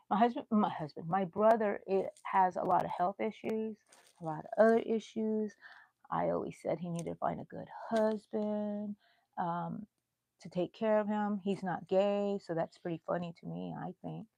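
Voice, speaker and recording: A woman's voice: medium pitch, creaky, darkish tone, no room sound. A woman, chatting in a rambling way to viewers of her crochet livestream from a bedroom at home. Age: 60s. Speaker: crochet channel host. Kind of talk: casual livestream chat.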